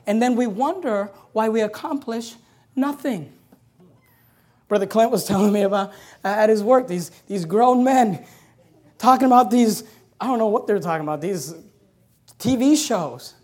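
A man preaching a sermon as pastor, emphatic and repetitive, with chatty asides. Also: extremely high pitch. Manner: emphatic and repetitive, building to loud punches; conversational asides with laughs.

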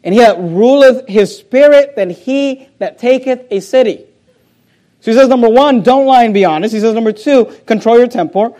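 A man with a high voice preaching a sermon to his congregation. He speaks emphatically, often repeating words as he builds each point. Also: moderate pace, dark tone. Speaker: pastor.

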